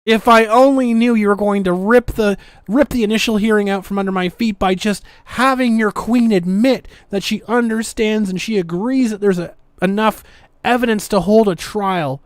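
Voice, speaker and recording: A woman's voice: mid-range voice, moderate pace, no echo. A woman hosting a podcast, ranting in a sarcastic, defiant way as she comments casually. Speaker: podcast host.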